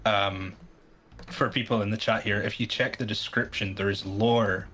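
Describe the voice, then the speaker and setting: A man co-hosting a live stream in easygoing chat. His voice is low but bright and forward in tone. He talks hesitantly and often starts his sentences over. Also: fairly even intonation, moderate pace. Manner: hesitant, full of restarts, laughing easily. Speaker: guest co-host.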